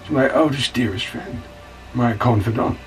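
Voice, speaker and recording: A man voicing a paranoid British man who whispers to an empty chair, slow and hushed, caught on a distant mic with faint music behind. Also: mid-range voice, lightly acted.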